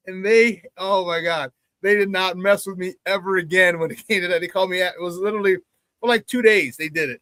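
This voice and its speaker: A middle-aged man hosts a sports talk show with a lively storyteller's delivery. His voice sits high for a man and is recorded close and dry in a studio. He leans hard into emphasis when he acts out old conversations. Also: fairly quick, no room sound. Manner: animated storyteller, acts out quoted banter loudly, laughs often.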